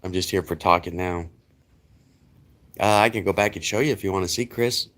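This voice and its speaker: A man's voice: low voice, fairly quick, fairly bright tone. A middle-aged man hosting a casual livestream, rambling chattily and greeting viewers by name. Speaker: livestream host.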